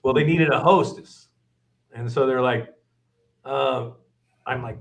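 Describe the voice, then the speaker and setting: A man's voice: medium pitch, slow, long pauses. A middle-aged man, a guest chef, telling kitchen stories in casual chat, swearing freely and acting out the chefs he quotes. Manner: profane, animated, acts out quoted chefs.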